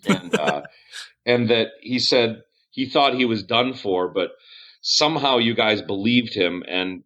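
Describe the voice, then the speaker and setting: A man's voice: mid-range voice, expressive, a little slow, fairly bright tone. A man narrating as game master of a tabletop game, casual and swearing, laughing often.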